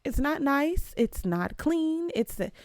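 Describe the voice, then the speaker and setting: A young adult woman hosting her own podcast, talking casually and emphatically, with sudden leaps up in pitch. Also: sing-song, slow pace, darkish tone, no room sound, clean studio sound. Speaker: podcast host. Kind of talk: casual solo podcast commentary.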